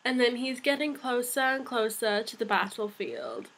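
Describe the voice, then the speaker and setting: A young woman reviewing a comic chapter in a chatty, excitable, rambling way, sounding a little unwell. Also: on the high side, normal speed, low-quality recording. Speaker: manga reviewer. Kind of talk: casual fan review vlog.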